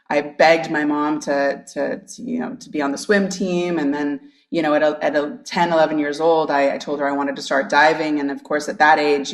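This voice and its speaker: American woman, low gravelly voice, eager storyteller, echoey room, away from the mic. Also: distant mic. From Northern California. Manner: enthusiastic, fast storytelling with frequent restarts. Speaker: guest, marine biologist. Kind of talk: casual interview conversation. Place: her office.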